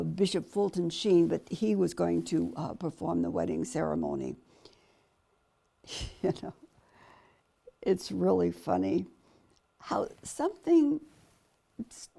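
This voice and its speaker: An older woman tells her life story as a personal testimony, with a gravelly, creaky edge to her voice. She is a dramatic, animated storyteller who acts out the people she quotes. At tender moments she sinks to a hushed, breathy near-whisper. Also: on the low side. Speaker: guest telling her testimony.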